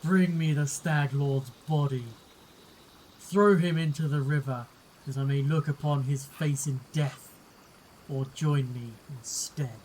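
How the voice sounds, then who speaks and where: A slow, looming voice of an undead man risen from the river, put on by a man. His warning comes in measured, ominous tones, pitched a touch high. A faint hum of noise sits under it. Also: steady tone, darkish tone, close to an everyday voice, low-quality recording.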